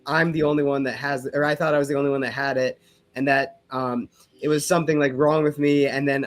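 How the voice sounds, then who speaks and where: A man's voice: on the high side, fairly bright tone. A man in his twenties talking earnestly on a podcast, hesitating with many likes. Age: 20s. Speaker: podcast guest. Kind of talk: live podcast chat.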